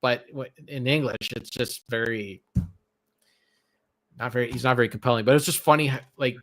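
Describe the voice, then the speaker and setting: A man's voice: medium pitch, fairly bright tone. Guy rambling on a podcast, lots of restarts, plain mid voice. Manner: rambling, halting, many restarts. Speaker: podcast co-host. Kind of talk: casual chat about movies.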